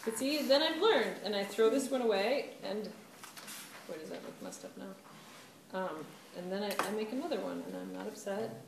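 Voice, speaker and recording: A chatty woman art teacher talks a class through a clay demonstration and laughs at her slips. She is heard from well away from the microphone. Room echo and steady background noise surround her voice. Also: medium pitch, normal speed, gravelly. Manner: chatty, self-deprecating, laughs often. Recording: roomy, distant camera mic with background noise.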